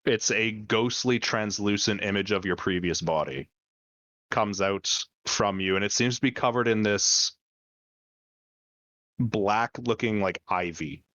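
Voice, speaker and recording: A man narrating as dungeon master of a tabletop game, descriptive and halting, with many fillers. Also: fairly low pitch, a bit bright, dry recording, dull audio.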